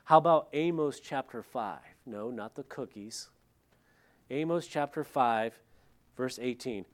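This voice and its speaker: Male pastor, mid-pitched, talky sermon delivery with wry asides. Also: a little slow. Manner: conversational, with joking asides.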